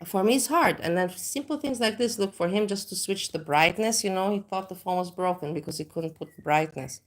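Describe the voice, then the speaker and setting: Brisk and mid-range, a woman's voice carries her casual livestream chat as host. The talk wanders, full of restarts and filler words.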